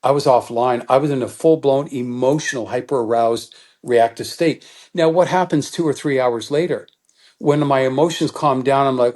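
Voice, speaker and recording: A middle-aged man as a guest expert in an interview, explaining in an animated teaching manner and acting out quoted thoughts. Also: medium pitch, moderate pace.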